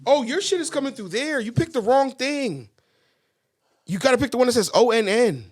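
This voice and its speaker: Animated, profane man riffing on a podcast. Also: extremely high pitch, normal speed, no room sound, studio quality. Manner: rambling, profane, animated, laughs often. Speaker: podcast co-host. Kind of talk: casual comedic podcast chat. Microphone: podcast mixer mic.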